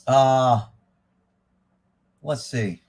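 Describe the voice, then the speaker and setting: This middle-aged man hosts a live stream, speaking very slowly in a mid-range, slightly mellow voice. He reads headlines out loud, then reacts with rants full of swearing.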